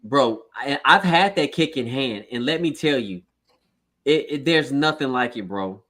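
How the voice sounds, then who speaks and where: A man in easygoing livestream chat, at a middle pitch. His talk is relaxed, full of restarts and repeated phrases, with "bro" tossed in often. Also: a little slow. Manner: laid-back, repeats himself, says "bro" often. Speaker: co-host of a sneaker livestream. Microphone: streaming setup.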